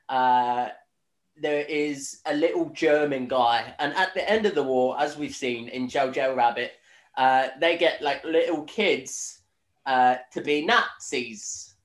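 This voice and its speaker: In an echoey room, a Northern Irish podcast host, a young man, casually goes over a film's plot, full of fillers, swearing, laughing and rambling. His voice sits at a medium pitch, and he takes his time.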